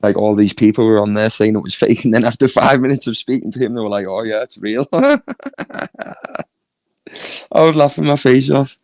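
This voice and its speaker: Northern English male streamer, low gravelly voice, chatty with frequent laughs, dry close sound. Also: moderate pace, long pauses, a little mellow, no room sound. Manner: chatty, laughs often, reads chat aloud. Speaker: YouTube streamer. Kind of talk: casual live-stream chat.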